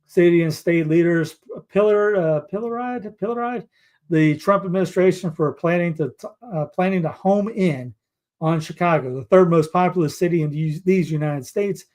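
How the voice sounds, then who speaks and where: Male host, casual headline commentary, rambling delivery, voice a touch high. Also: darkish tone. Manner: rambling, with restarts and asides. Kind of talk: casual news commentary, reading headlines aloud.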